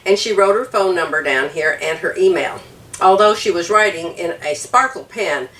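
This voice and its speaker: Her voice fairly low and a bit bright at a normal speed, an older woman from the United States shares a story with her vlog viewers. She's teary and emotional from crying yet laughs between sentences, recorded in an echoey room a little away from the mic.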